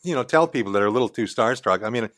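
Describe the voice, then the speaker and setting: A man's voice: medium pitch, lively intonation, rapid-fire, fairly bright tone. An older man, a radio talk show host, telling profane, chatty anecdotes as a guest in a podcast studio. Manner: blunt, profane, chatty raconteur. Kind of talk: casual anecdotal storytelling.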